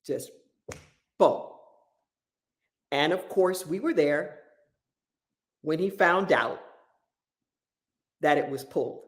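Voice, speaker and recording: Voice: mid-range voice, takes it slowly, long pauses. A pastor telling a story in a sermon, impassioned and repeating key phrases for emphasis.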